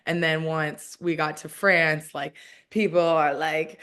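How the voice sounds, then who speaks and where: A professional soccer player in her thirties is a guest in a casual interview, chatting with heavy use of "like" and frequent restarts. Her voice sits low and fairly bright, level in tone and slow.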